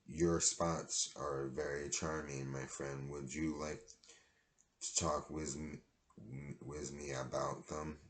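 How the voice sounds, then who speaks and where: A fancy, flirty female poodle with a French accent, coaxing and unhurried, as a man reads her lines. The voice stays deep and level. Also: little pitch movement, fairly bright tone, heavily acted. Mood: flirting.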